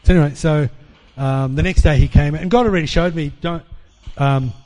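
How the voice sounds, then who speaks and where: A man preaching, telling a personal testimony as an animated storyteller who acts out the dialogue. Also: a little high, moderate pace.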